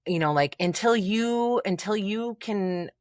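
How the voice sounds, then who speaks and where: A woman coach speaking in a podcast interview, talking freely and acting out inner voices with big jumps in pitch. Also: a little slow, darkish tone, dry recording, studio quality. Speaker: confidence coach guest.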